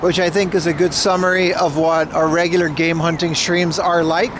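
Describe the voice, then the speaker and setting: A man streaming on the move, chatting loosely with his viewers about shops and cars. His voice sits fairly high for a man. Loud street noise and passing cars surround him. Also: level tone, normal speed. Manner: chatty, addresses chat directly. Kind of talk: casual IRL livestream commentary. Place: outdoors on city streets. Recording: noisy outdoor street recording.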